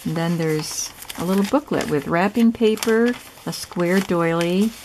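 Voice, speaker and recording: A woman casually narrating a show-and-tell of a handmade journal, soft, chatty and admiring as she thinks aloud. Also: on the low side, unhurried, a little hiss or hum, low-quality recording. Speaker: craft vlogger showing a gifted journal.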